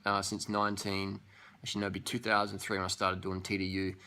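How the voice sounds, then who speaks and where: Casting: young guy, bright forceful voice, profane scornful rant. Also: deep voice, completely flat delivery, fast talker, clean tone. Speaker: vlogger.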